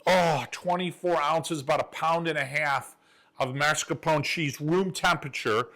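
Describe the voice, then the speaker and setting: An enthusiastic man hosts a cooking show from his home kitchen, with a slightly higher voice than most men. He chats folksily and straight to the camera, walking viewers through a recipe. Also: a little slow, bright, forceful tone. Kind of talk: chatty cooking demonstration.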